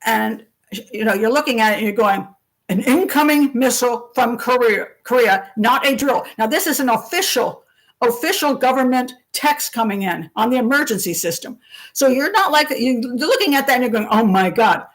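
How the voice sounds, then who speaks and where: Older lady on a live stream, chatty and lively, slightly high voice, acts out what people said. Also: a little fast, rough recording. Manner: chatty and animated, acts out quotes, laughs often. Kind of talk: casual live-stream storytelling.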